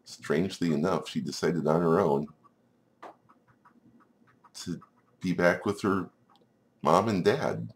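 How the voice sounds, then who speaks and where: A man's voice: deep voice, animated, slow, long pauses. A man narrating a game like a storybook, playful, with chuckling asides. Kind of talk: storybook narration over gameplay.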